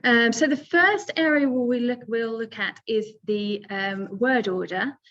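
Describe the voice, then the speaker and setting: A woman's voice: fairly high pitch, measured pace, a bit bright. Patient woman teaching online, lo-fi audio. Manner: patient, explains step by step with fillers. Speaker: English teacher. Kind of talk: webinar lesson.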